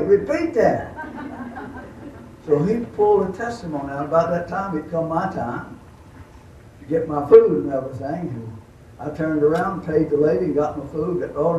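A man's voice: fairly high pitch, darkish tone, a little hiss or hum. An older man preaching a sermon, telling a story in a folksy, drawling way. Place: camp meeting hall. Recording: echoey, distant, dull camp room recording.

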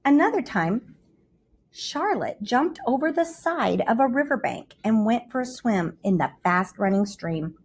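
A woman reading a children's storybook aloud in an expressive, lively way. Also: fairly high pitch, a little slow, slightly rough.

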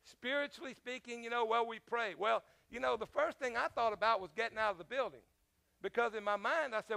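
Gravelly high-voiced male pastor. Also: a little fast, bright, forceful tone. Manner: conversational, asks the congregation questions, many fillers. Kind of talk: sermon with a personal story.

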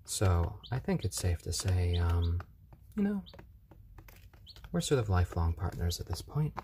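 A man chatting on a live stream in a calm, soothing way, often talking gently to baby chicks. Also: low voice, a little slow, a little hiss or hum. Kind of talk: casual live-stream chat. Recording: chirping baby chicks behind.

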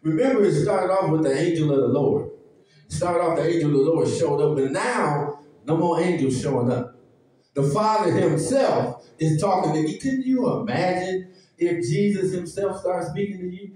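A man's voice: fairly high pitch, animated, moderate pace, mellow, heavy reverb, distant mic, poor audio. A man preaching a sermon as pastor, emphatic and folksy, calling out to his congregation. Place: church sanctuary.

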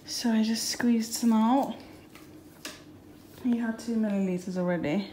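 Filming a casual vlog on her phone in a hospital room, a young British new mother speaks tiredly and breathlessly, chatty and laughing in bursts. Her voice is warm, steady, slightly high and measured, in a low-quality recording with hiss and room noise.

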